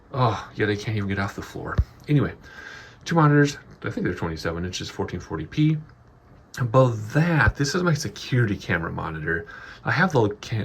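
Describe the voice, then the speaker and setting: A man's voice: low-pitched, fairly bright tone. Rambling breathless man with faint room hiss. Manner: rambling, chatty, frequent ums. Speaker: YouTuber giving a studio tour. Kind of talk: casual walkthrough vlog. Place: home office studio.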